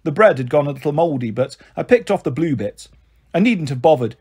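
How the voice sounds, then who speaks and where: A man reading a children's novel aloud in steady first-person narration. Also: a little high, a little fast, breathy edge. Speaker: reader. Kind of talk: storybook reading.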